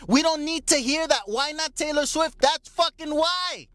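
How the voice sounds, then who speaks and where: A Puerto Rican man in his thirties rants through a comedic podcast monologue, cursing freely and hopping between English and Spanish mid-sentence. His voice sits high for a man and comes across close and dry. The delivery is loose and talkative, like a host holding court. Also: moderate pace, a bit bright, dry recording. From Puerto Rico.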